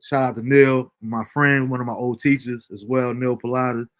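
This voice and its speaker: A man hosting a casual livestream show, reading out viewer comments with a relaxed, chuckling manner. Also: medium pitch, normal speed. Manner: laid-back, chuckling often, fillers like um. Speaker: host.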